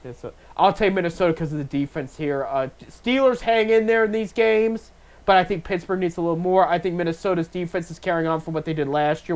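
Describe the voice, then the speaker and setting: A man in his thirties hosts a relaxed sports talk segment, reading out game times and picks. His voice sits a little high for a man, and he stumbles, restarts and drops "there you go" as a filler. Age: 30s. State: talking with a stuffed face. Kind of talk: casual sports picks chat.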